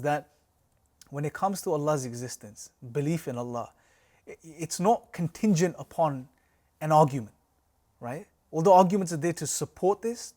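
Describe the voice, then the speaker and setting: Male lecturer, slightly high voice, explanatory, leans on rhetorical questions and analogies. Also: darkish tone. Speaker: course teacher. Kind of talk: recorded religious lecture.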